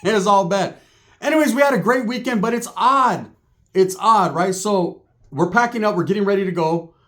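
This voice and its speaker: A man's voice: high-pitched, moderate pace. A man telling a comic story in a casual, profane way, acting out what people said. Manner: profane, animated, acts out quotes.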